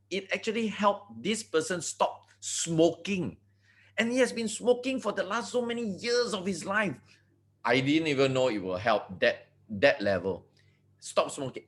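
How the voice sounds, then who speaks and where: Animated Malaysian man giving a pep talk. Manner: animated, swinging pitch, repeats words and restarts; addresses audience directly, asks for agreement. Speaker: motivational speaker. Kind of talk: motivational talk to an online group.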